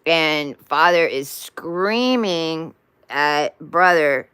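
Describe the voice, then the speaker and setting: A woman's voice: low voice, slow, fairly bright tone, clean tone, no room sound. A woman telling a spiritual story in a casual, rambling way with many restarts and asides. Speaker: spiritual vlogger.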